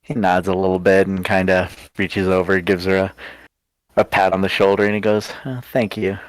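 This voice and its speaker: A man's voice: sits low, monotone, brisk, clean tone, no echo. A man playing a tabletop game, narrating his character's actions in a laid-back, hedging way.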